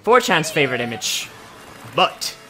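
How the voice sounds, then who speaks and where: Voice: medium pitch, sing-song, unhurried, pushed and bright. A commentator giving casual, profane, sardonic reactions while watching a cartoon at a desktop computer. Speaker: video reactor.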